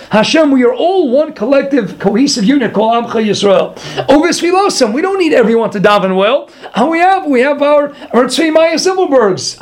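Male Torah teacher, very high voice, animated lecture with pleading asides. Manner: animated, pleading asides to God, Yiddish-Hebrew terms.

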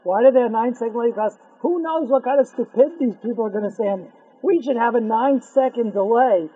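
Male rabbi, lecture storyteller: high husky voice, lively bursts, heard over a phone-quality line. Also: quick pace. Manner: animated, acts out characters with sudden loud outbursts. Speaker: rabbi giving a Torah class. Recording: tinny phone-line sound.

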